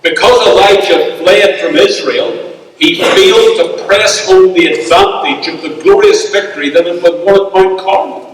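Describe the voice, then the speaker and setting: A male pastor, preaching a sermon in a measured, emphatic way with pauses. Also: high voice, a little hiss or hum. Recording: echoey hall, speaker far from mic.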